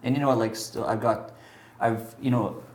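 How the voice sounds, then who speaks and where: A man's voice: medium pitch, normal speed, echoey room. A man telling a personal story in casual chat, rambling with lots of fillers and acting out what people said. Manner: rambling, animated, many fillers, acts out quotes.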